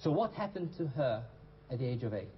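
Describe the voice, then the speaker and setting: Hosting a televised English lesson in a TV studio classroom, a man quizzes his students and repeats their answers back to them. His medium-pitched voice is sing-song and a little fast, the highs are cut off, and a crowd can be heard in the background.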